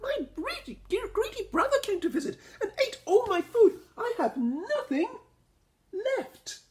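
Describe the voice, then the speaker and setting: A man voicing an excitable young rabbit in a squeaky, breathless voice. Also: a little slow, heavily acted. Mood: frantic. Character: young high-pitched male rabbit, excitable.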